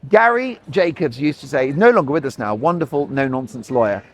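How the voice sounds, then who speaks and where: A man's voice: mid-range voice, animated, brisk. A man in his forties, a talk show host rambling in chatty, sarcastic commentary, recorded outdoors. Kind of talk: opinionated commentary.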